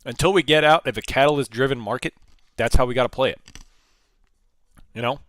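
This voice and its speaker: A man hosting a live trading stream, mid-pitched and loose, thinking aloud as he talks. He rambles casually, often repeating and restarting his phrases. His voice sounds dry and close, with no room echo. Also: fairly quick, fairly bright tone. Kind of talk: casual live market commentary.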